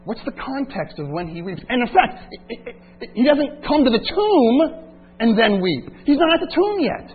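A man preaching a sermon as pastor, swinging between loud emphatic passages and quiet reflective asides. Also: very high-pitched, big pitch swings, moderate pace. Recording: tinny phone-like line with faint hum.

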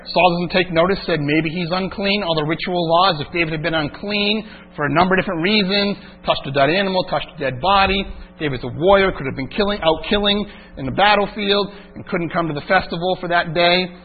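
A pastor with a high voice preaches a sermon, working through a Bible passage verse by verse and raising the intensity at its climaxes. He talks a little fast with few pauses. The recording sounds tinny, like a phone, with mains hum underneath.

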